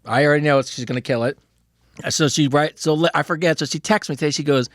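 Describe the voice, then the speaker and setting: A man co-hosting a podcast in casual chat, reacting with quick questions and reading listener questions aloud. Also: on the high side, no room sound, clean studio sound. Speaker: podcast co-host.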